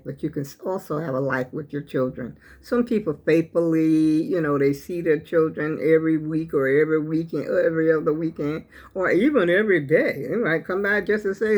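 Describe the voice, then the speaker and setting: A woman's voice: low-pitched, darkish tone. An older woman, hosting her own channel and giving an emotional, preachy talk that speaks straight to her viewers. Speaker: channel host. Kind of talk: heartfelt talk to camera.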